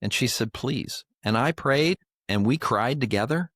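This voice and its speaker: A man's voice: medium pitch, animated, normal speed, fairly bright tone, dry recording, studio quality. An older man co-hosting a podcast, telling a personal faith story in an earnest, emotional way. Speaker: podcast co-host. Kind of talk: heartfelt storytelling chat.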